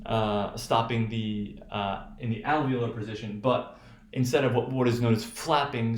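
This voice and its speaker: A male teacher with a General American accent, lecturing on pronunciation, halting, restarting often and checking with "right?". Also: mid-range voice, reverberant. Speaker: phonetics teacher. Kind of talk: recorded remote lecture.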